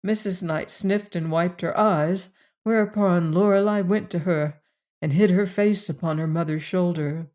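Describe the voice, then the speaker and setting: In a lowish voice, a woman narrates an audiobook from a script, keeping her storytelling calm and even.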